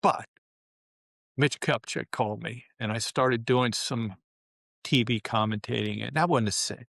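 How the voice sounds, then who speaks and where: A man in his seventies, a former pro basketball player, telling stories as an interview guest in an animated way, often saying "you know" and "man". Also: medium pitch, measured pace, vocal fry, no room sound, studio quality. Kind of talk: interview storytelling.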